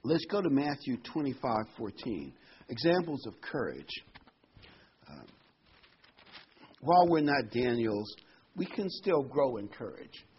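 A man's voice: mid-range voice, sing-song, a little slow, long pauses, slight background noise. A man preaching a conversational sermon, reading scripture and adding casual asides. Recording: dull lo-fi recording.

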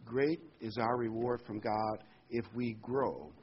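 A man's voice: mid-range voice, fairly even intonation, slow, dull audio, a little hiss or hum. A man preaching a sermon in a conversational way, his voice lifting on key phrases.

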